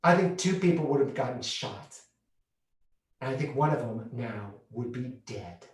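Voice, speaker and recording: A man performing a comic autobiographical monologue on a theatre stage, animated and exclamatory. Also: mid-range voice, a little slow. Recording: echoey theatre, distant mic.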